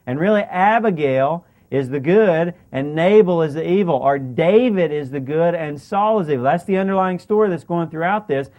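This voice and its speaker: A high-voiced man delivering a sermon. He retells the story lively, slipping into the characters' lines and tossing questions to the congregation. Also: moderate pace, few pauses, muffled recording. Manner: animated, acts out the characters' lines in paraphrase. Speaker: pastor.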